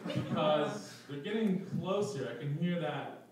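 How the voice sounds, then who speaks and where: A man's voice: a little high, a little slow, slight background noise. A young man telling a personal story at a live event, self-mocking and laughing through his lines. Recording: echoey room, distant mic.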